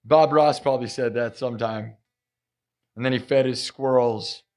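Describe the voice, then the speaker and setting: A man's voice: mid-range voice, fairly even intonation, moderate pace, a little mellow. A man hosting a live music stream, chatting casually, goofing around and reading viewer comments aloud. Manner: goofy, joking, reads viewer comments aloud. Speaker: livestream host and improvising musician. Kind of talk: casual livestream chat.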